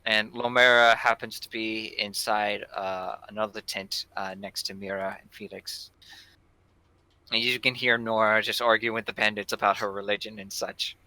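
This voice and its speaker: A man's voice: lowish voice, flat delivery, normal speed, sharp tone, no room sound, rough recording. A man narrating a tabletop game as game master in a casual, loose way.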